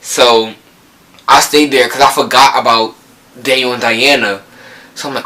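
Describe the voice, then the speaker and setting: A man's voice: medium pitch, steady tone, moderate pace, sharp tone, low-quality recording. A young man from New Jersey with a local accent, telling a rambling storytime vlog full of quoted dialogue. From Newark, New Jersey. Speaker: vlogger. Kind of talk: casual storytime.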